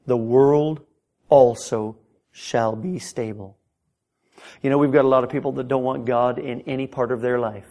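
A middle-aged man preaching a sermon in a church. His delivery is impassioned, with frequent stammered restarts, and his pitch climbs when he gets stirred up. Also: mellow. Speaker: pastor. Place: church sanctuary.

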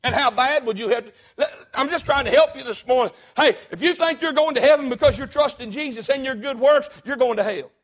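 A man's voice: very high-pitched, brisk, few pauses. A man preaching a sermon, emphatic and punctuating his points with "hey".

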